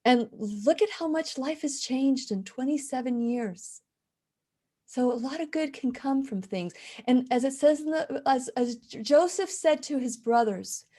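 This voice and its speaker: Speaking high but mellow and a little slowly, a fifty-something woman leads a live faith-based talk show. She has a slight lisp, restarts often, and alternates between sincere storytelling and reading comments from viewers.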